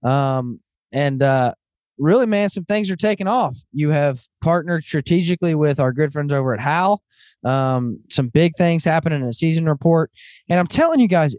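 A man hosting a podcast, telling stories in lively casual chat and calling people "man". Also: a little high, dry recording, studio quality. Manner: animated storyteller, calls people "man". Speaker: podcast host.

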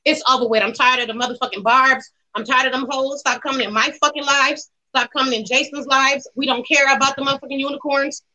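A high, bright-voiced woman with tears into celebrities. She is brash and crude, firing off insults and swear words. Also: fairly even intonation, quick pace, few pauses, low-quality recording. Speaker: caller on a celebrity gossip show. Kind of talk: profane celebrity gossip rant.

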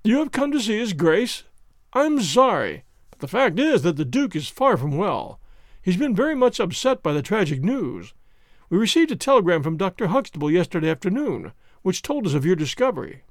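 Furtive, jumpy young male secretary, read by a man, high and lively. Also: normal speed, no echo, clean studio sound. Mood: evasive.

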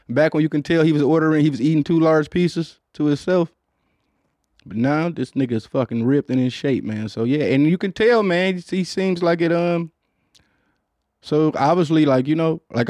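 A man's voice: mid-range voice, darkish tone, no echo. A man hosting a podcast, chatting in a loose, rambling, profane way with lots of fillers, recorded in a studio booth. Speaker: podcast host. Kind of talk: casual podcast chat.

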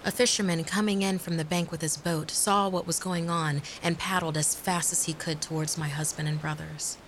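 A woman narrating a horror story in a hushed, half-whispered delivery as host. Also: fairly low pitch, creaky, a little hiss or hum. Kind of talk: scripted narration.

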